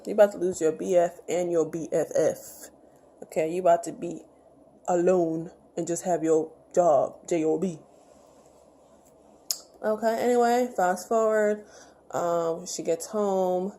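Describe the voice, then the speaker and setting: A woman's voice: mid-range voice, creaky, mellow. A woman giving a casual, chatty recap of a TV episode, acting out the characters' lines as she retells scenes. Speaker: show review vlogger.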